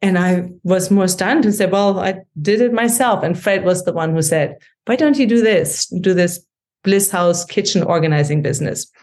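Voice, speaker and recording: Chatty German-accented woman, lowish voice. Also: moderate pace, a little mellow. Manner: chatty, laughs easily, many ums. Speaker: guest, kitchen organizing business founder. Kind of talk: casual interview chat.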